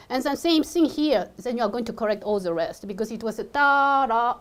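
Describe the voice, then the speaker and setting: A woman's voice: a little high, lively intonation, brisk, hardly any pauses. A woman teaching a one-on-one piano lesson, encouraging her student and singing phrases aloud to show how they go. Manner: sings phrases to demonstrate, encouraging. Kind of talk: one-on-one music coaching.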